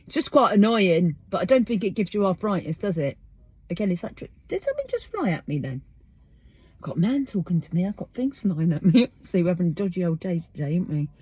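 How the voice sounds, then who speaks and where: An English woman hosts her podcast outdoors in a casual monologue, speaking emphatically and tossing out rhetorical questions. Her voice is on the low side, husky and darkish, with a sing-song lilt and a fast delivery. The recording is dry.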